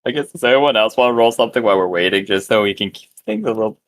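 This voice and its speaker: A man's voice: on the low side, racing. Man running a tabletop game. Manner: loose, chatty, with filler and restarts. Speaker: game master.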